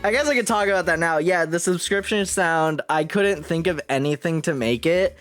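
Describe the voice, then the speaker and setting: A woman's voice: lowish voice, moderate pace, faint music behind. A woman streaming a video game live, chatting casually with her viewers, laughing often and swearing freely. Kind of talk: casual live-stream commentary while playing.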